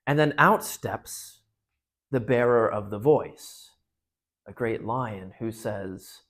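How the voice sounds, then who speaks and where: A man with a husky, somewhat breathy voice walks listeners through a story in a relaxed, conversational talk. He pitches in at a middling level and often restarts his phrases as he thinks aloud. He sounds like he is explaining a book to a parish group. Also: slow. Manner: conversational, with frequent restarts and fillers. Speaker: parish speaker on literature. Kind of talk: casual talk retelling and analyzing a book.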